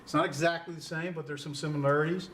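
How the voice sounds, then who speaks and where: A man's voice: a little high, steady tone, fast, fairly bright tone, recorded from a distance, a little hiss or hum. A man teaching an introductory Greek class in a conversational lecture style, quizzing students and chuckling at his own puns. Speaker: Greek instructor.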